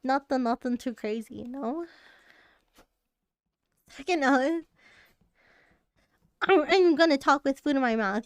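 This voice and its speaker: A woman's voice: high voice, animated, moderate pace, long pauses, clear, resonant tone, no room sound. A woman streamer in rambling, casual live-stream chat with her viewers, laughing often.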